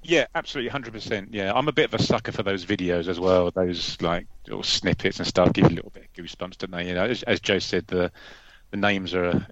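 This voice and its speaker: A man's voice: deep voice, fast, a bit bright, slight background noise. A man chatting on a football podcast, easygoing and rambling with tag questions. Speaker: podcast co-host. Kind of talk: casual football podcast chat. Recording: dull, slightly lo-fi sound.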